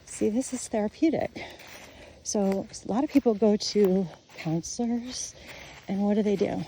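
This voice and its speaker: A woman's voice: mid-range voice, unhurried, warm tone, slight background noise. A middle-aged woman in a blunt, profane, ranting casual monologue, filmed on her phone while walking outdoors. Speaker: vlogger. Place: outdoors on a nature walk.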